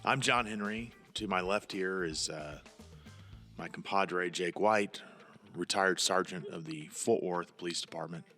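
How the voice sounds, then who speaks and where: A man's voice: low voice, measured pace, pushed and bright, faint music behind. A male podcast host, chatting casually and rambling with frequent restarts. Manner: rambling, repeats words and restarts. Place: studio lounge.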